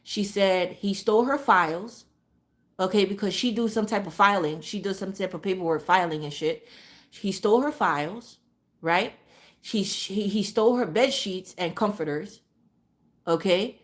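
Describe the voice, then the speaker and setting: A woman's voice: mid-range voice, normal speed. Blunt, profane New woman ranting. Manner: blunt, profane, animated storytelling. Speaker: vlogger. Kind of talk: casual storytelling rant.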